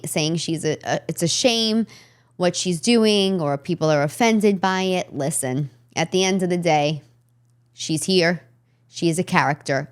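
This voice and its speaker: Brash New York woman podcaster. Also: fairly low pitch. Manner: brash, chatty, emphatic. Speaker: podcast host. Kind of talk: casual chat.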